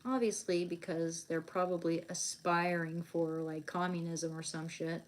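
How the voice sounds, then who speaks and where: A woman's voice: on the low side, steady tone, measured pace. A young woman chatting casually on a live stream while she draws, rambling with many fillers and restarts.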